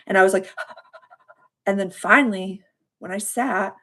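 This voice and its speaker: A woman's voice: medium pitch, animated, normal speed, breathy edge. A woman hosting a live call as a spiritual coach, telling a story in a heartfelt, rambling, emotional way and thanking her viewers. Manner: addresses viewers by name and thanks them warmly. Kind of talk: casual livestream chat.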